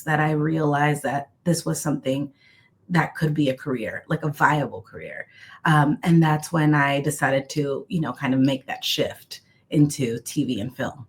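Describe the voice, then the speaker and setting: Low-voiced Mexican woman, reflective guest. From Tijuana, Mexico. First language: Spanish. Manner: reflective, many fillers and restarts. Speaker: costume designer, guest. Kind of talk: casual interview.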